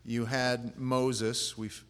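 A man preaching as a pastor, speaking in a relaxed, plain-spoken way that wanders with fillers and restarts. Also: medium pitch, drawn-out words. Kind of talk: casual conversational sermon. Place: church. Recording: long reverb of a church hall.

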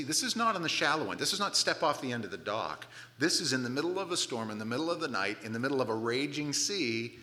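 A man preaching a sermon, retelling a scripture story with lively asides and acted-out moments. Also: medium pitch, brisk, in a large hall. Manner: animated storytelling, acts out the scene, casual asides. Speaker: pastor.

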